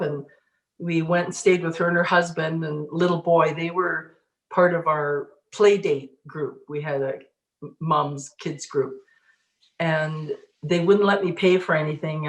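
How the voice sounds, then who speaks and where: A middle-aged woman, a spiritual teacher, telling her life story in a casual interview, animated and laughing often. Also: sits low, echoey room. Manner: animated, laughs often, acts out inner voices.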